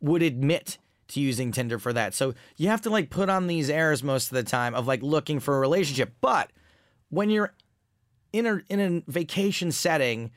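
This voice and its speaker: A man's voice: fairly high pitch, lively intonation, moderate pace, no room sound, studio quality. An American man co-hosting a casual podcast, telling crude, self-mocking anecdotes with lots of animation. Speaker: podcast co-host.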